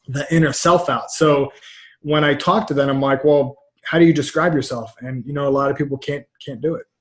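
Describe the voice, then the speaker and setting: Rambling man coaching on a video call. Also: medium pitch. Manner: rambling, repeats words, frank. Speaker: mindset coach. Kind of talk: casual interview talk. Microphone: webcam about two feet away.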